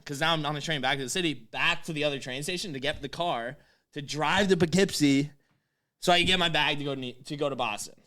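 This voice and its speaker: A man in his twenties telling a story in casual chat, animated, swearing and laughing as he goes. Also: on the high side. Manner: animated, swears often, laughs mid-sentence.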